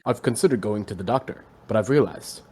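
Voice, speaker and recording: A man's voice: fairly low pitch, a little mellow, slight background noise. A man chatting casually over a voice call before a tabletop game, joking around. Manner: joking, quick to put on silly accents. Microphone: home setup over a voice call.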